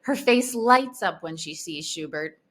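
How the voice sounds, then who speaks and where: A woman reads a children's storybook aloud, clear and expressive. Her pitch moves in lively swings and she takes an unhurried, slow pace. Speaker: storybook reader.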